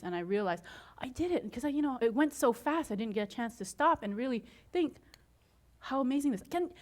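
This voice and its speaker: Excitable woman telling her success story. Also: fairly high pitch. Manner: excitable, laughs often, acts out her own reactions. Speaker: motivational speaker. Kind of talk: inspirational story told to an audience.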